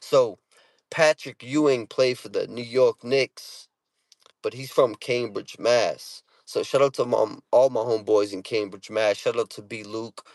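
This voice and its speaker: A brash Boston-accented man from Massachusetts vlogs to camera from a parked car, cursing freely, leaning on street slang and repeating "you know what I'm saying." The voice sits at medium pitch, a little slow and a little mellow, with no echo.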